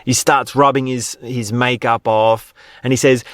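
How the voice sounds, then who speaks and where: A man with an Australian accent hosts a podcast in a casual, conversational monologue, often ending sentences with "right?" His mid-range, fairly bright voice is animated and unhurried, recorded in studio quality with no room sound.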